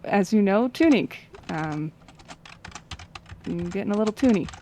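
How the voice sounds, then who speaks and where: A woman's voice: medium pitch, lively intonation, a little slow, mellow, a little hiss or hum, close to an everyday voice. A woman playing an earnest young male toon character in a tabletop role-play, asking eager, hopeful questions.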